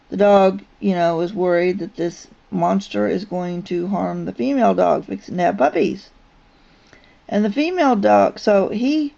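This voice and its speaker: A woman's voice: mid-range voice, creaky, warm tone. A woman vlogger telling a personal story in a casual, rambling way, with frequent ums and restarts. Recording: dull lo-fi recording.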